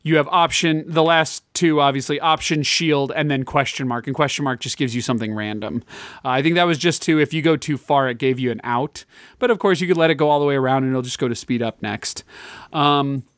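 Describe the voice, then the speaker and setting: A man's voice: mid-range voice, brisk, fairly bright tone, dry recording, clean studio sound. A man co-hosting a podcast, chatting casually about old arcade games and rambling with many fillers and restarts. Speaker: podcast co-host.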